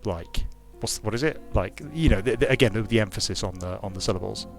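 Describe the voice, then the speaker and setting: A man's voice: on the low side, fast talker, creaky, soft background music. A man giving casual commentary while playing a strategy game, thinking aloud with frequent restarts and repeated words. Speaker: streamer and game designer.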